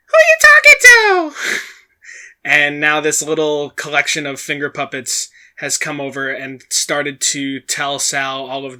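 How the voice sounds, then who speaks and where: A man narrating his group's actions in a tabletop game, with a halting, amused delivery. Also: medium pitch, sharp tone. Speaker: player.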